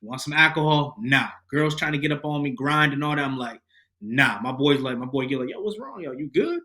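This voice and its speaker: A man guesting on a podcast, telling a personal testimony in casual slang with lively energy. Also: medium pitch, a little fast. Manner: slangy, animated, addresses listeners as bro and fam.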